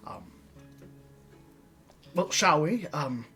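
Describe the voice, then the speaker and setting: A woman playing in a tabletop game, chatty and quick to laugh. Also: sits low, animated, fairly bright tone, faint music behind. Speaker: player. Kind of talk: casual tabletop play.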